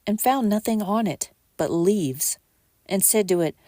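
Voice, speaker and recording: A woman hosting a podcast, reading scripture aloud at a measured pace and lifting her voice for quoted speech. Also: mid-range voice, mellow, dry recording, studio quality.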